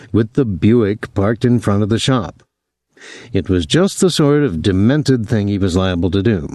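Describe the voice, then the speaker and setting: A male audiobook narrator delivers scripted narration in a low, darkish voice. The recording is dry and studio quality.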